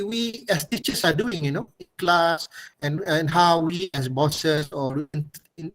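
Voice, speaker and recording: A man's voice: a little high, a bit bright, low-quality recording. A man from Kedah with a Malaysian accent giving a webinar lecture over a video call, rambling with many fillers and restarts. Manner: rambling, filler-heavy, with laughs and drawled demonstrations.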